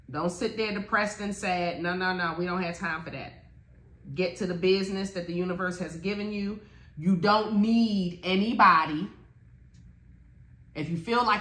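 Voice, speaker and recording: A woman giving a blunt, profane, animated motivational talk as a spiritual teacher. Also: medium pitch. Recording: echoey room.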